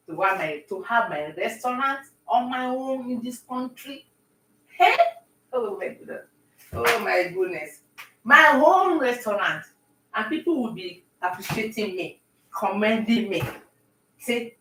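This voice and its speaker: A woman chatting with viewers on a live stream while she bakes at home, talking warmly and greeting people by name. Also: mid-range voice, animated, a little slow, reverberant, recorded from a distance, a little hiss or hum, rough recording. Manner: warm, talkative, talks to viewers by name. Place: home kitchen.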